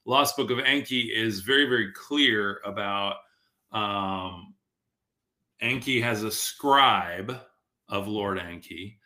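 A man's voice: on the low side, slow, bright, forceful tone. A man hosting a casual live stream, rambling and reading viewer comments aloud, his voice worn from talking all day. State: losing his voice. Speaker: podcast host reading live chat. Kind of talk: casual livestream talk. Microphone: streaming from a tablet.

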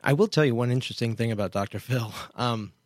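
A man hosting a talk show rambles through his commentary, cutting himself off and circling back with open disbelief. His mid-pitched voice sounds dry and close, with no room around it. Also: fast talker, no room sound. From Kansas, USA. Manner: digressive, self-interrupting, incredulous. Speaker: host. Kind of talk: casual radio commentary.

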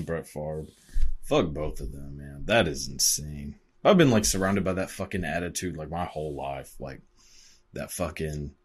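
Young dude in his 20s rambling and swearing a lot, real low husky voice, tons of "like"s. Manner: rambling, profane, lots of fillers and laughs. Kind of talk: casual monologue.

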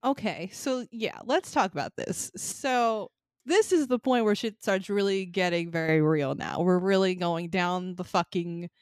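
A woman's voice: lowish voice, unhurried, clean tone, no room sound, studio quality. A woman co-hosting a casual podcast, recapping a horror movie in a loose, profane, laughing storytelling manner. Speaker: podcast co-host.

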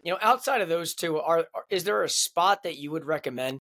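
A man hosting a podcast, asking questions in relaxed casual chat. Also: fairly high pitch, fairly quick. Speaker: podcast host.

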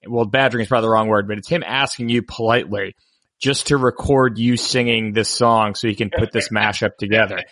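A man co-hosts a comedy chat with a bright, crisp tone, recorded close and dry. He retells a funny exchange in an amused way, slipping in quick asides. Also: lowish voice, steady tone, no echo. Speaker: podcast co-host.

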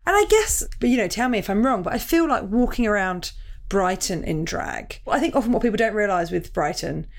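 A woman who does stand-up, hosting a casual interview with quick, rambling questions. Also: medium pitch, sing-song, gravelly. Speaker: podcast host, comedian.

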